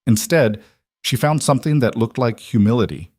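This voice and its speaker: A man reading a romance story aloud in an even, measured narration, close on a dry mic. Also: medium pitch, no room sound.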